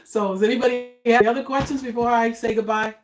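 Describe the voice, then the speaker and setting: An older woman chatting casually on a home cooking live stream, homey and relaxed, talking while she eats. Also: fairly high pitch, reverberant. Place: home kitchen.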